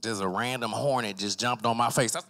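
A young man doing a loose, rambling open mic stand-up set, acting out characters in loud voices. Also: medium pitch, steady tone, brisk. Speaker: stand-up comic. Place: small arts center stage with a live audience.

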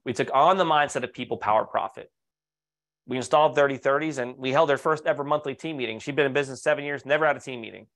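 A man presenting a leadership webinar in an upbeat, persuasive way, at an ordinary middle pitch. He speaks straight to his audience, asking rhetorical questions and sharing client stories. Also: fast, a bit bright. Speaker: leadership coach presenting to architects.

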